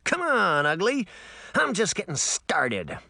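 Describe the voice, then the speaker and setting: A cocky young fairy boy who shouts taunts in a raised, bright voice, as a man voices him in an audiobook. His voice jumps up and down with swagger. The sound is dry and close. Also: fairly high pitch, wildly swooping pitch, fairly quick, no echo, pitched above the performer's own voice. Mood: shouting. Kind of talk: audiobook character voice.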